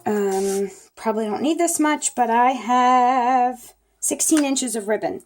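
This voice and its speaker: A woman's voice: a little high, takes it slowly, a little mellow, a little hiss or hum. A middle-aged woman, chatting folksily to viewers while she demonstrates a paper craft at her table. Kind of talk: casual crafting tutorial.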